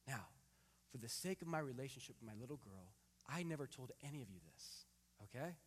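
A man in his thirties preaching a sermon, reading scripture and telling a family story in a lively, animated way. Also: medium pitch, fairly quick. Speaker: pastor. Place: church hall. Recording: long hall reverb.

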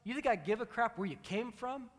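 A preacher putting on a stern, yelling football coach. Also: male voice, very high-pitched, lively intonation, a little fast, long reverb tail, pitched above the performer's own voice. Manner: yelling, in-your-face. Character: stern male high school football coach.

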